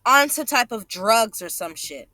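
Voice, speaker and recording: A woman's voice: fairly high pitch, big pitch swings, a little slow, bright, forceful tone, no echo. A woman vlogger angrily commenting over her own clips, profane and repeating herself for emphasis. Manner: indignant, profane, repeats phrases.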